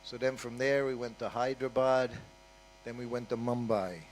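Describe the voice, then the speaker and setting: An older man speaks at a medium pitch, telling stories to a gathering in a loose, conversational way. He drops frequent asides and checks in with his listeners as he goes. A faint hum sits under his voice. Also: steady tone, normal speed, rough recording. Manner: conversational, with frequent "you know" and "huh?" asides. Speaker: guest speaker at a temple. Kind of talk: anecdotal storytelling talk.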